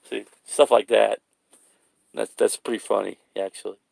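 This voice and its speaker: A man's voice: fairly low pitch, gravelly, no room sound. A man chatting casually for his vlog, rambling loosely, swearing and laughing at his own jokes. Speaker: vlogger.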